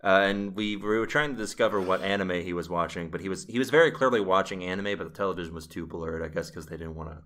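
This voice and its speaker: A man's voice: deep voice, fast, few pauses, fairly bright tone. A man casually recapping a TV episode on a podcast, rambling with fillers. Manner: rambling, with frequent fillers and laughs. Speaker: podcast host.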